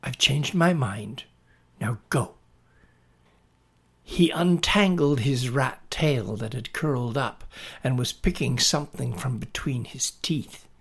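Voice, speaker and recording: A man reading a story aloud in a slow, deliberate way. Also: mid-range voice, creaky, breathy edge. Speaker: narrator.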